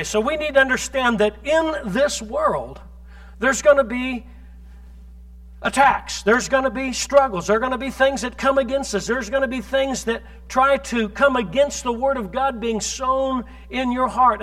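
High-voiced emphatic preacher. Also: male voice, fairly bright tone. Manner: emphatic preaching, rhetorical questions to the congregation, quick scripture quotes. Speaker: pastor. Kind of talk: sermon.

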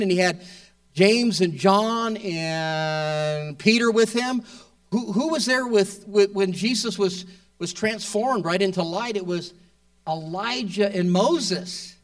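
A man's voice: sits high, recorded from a distance. A man preaching a conversational sermon who asks rhetorical questions and builds to emphatic peaks.

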